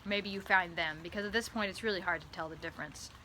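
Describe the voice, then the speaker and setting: A woman vlogging in a comedic monologue, rambling and tripping over repeated words, swinging between loud bursts and hushed asides. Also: fairly low pitch, fast talker, a little hiss or hum. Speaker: author vlogger.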